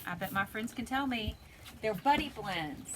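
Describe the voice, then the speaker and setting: A woman teaching a phonics lesson to preschoolers, sounding out letters slowly and deliberately, recorded at home. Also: on the high side, lively intonation. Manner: slow, deliberate, sounds out letters for little kids. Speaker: pre-K teacher. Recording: noisy home video recording.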